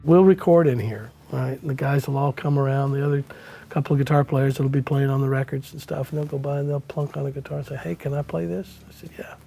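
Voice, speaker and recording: Gravelly older man. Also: mid-range voice, fast talker, a little hiss or hum. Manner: relaxed storyteller, folksy with many "you know"s. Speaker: country musician, interview guest. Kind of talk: storytelling in a casual interview.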